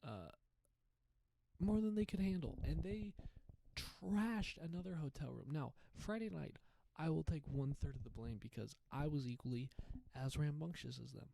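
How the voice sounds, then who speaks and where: Gravelly young man telling a story. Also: on the high side, moderate pace, a little hiss or hum, rough recording. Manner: rambling, profane, animated storytelling with restarts. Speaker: comedian podcast host. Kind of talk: casual storytelling monologue.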